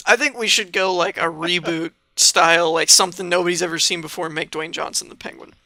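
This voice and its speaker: A man co-hosting a podcast in casual chat, insistent and quick to laugh. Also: a little high, steady tone, creaky, pushed and bright, no echo. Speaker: podcast co-host.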